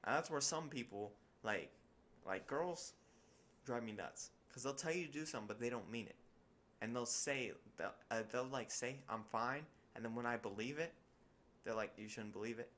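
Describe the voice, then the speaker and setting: A man's voice: mid-range voice, moderate pace, a bit bright, slight background noise. A young man co-hosting a podcast in casual chat, telling stories with animation and acting out quotes with big jumps in his voice. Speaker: podcast co-host.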